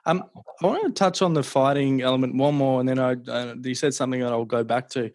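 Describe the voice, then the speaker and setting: A man hosting a podcast interview, talking in a relaxed, reflective way. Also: medium pitch, quick pace, slight background noise. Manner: relaxed, reflective, offers takeaways. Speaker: podcast host. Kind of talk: casual interview.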